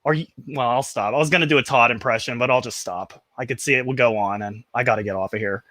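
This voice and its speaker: A man as a guest on a casual livestream chat, sarcastic and deadpan. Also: medium pitch, fast, no echo.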